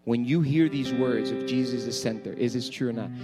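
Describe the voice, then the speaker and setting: A man's voice: medium pitch, brisk. A man preaching a sermon as pastor, pleading with the congregation in impassioned calls. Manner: impassioned preaching, rising to shouts. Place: church sanctuary with screens. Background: guitar music.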